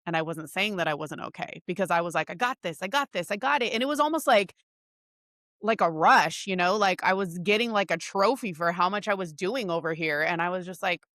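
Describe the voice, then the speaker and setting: A woman hosting a casual podcast conversation. Her voice is bright and forward, and her delivery is animated and talkative. The sound is dry and close. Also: fairly low pitch, a little fast, no echo. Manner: animated, chatty, laughs while talking. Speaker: podcast host. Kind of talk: casual interview chat.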